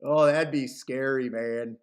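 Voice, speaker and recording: A man's voice: mid-range voice, fairly even intonation, takes it slowly. A man hosting a live horse racing handicapping stream, chatting casually, rambling, swearing and laughing often.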